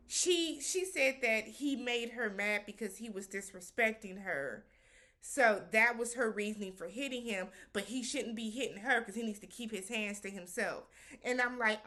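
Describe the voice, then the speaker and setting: A woman's voice: a little high, fairly bright tone. A woman hosting a casual reality-show recap, talking animatedly, slipping into quoted voices and slang.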